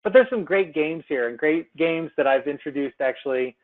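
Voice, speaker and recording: A man presenting a software seminar by screen share, talking through it casually with many ums and restarts. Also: a little high, normal speed. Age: adult. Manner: chatty, many fillers and restarts. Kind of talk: screen-share webinar demo. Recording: tinny phone-like webinar audio.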